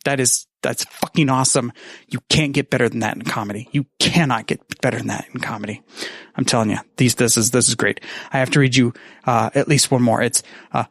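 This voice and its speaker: A man's voice: mid-range voice, steady tone, a little fast, no room sound, studio quality. A man recording a casual, rambling message to a friend, self-mocking and swearing freely. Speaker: podcaster sending a message.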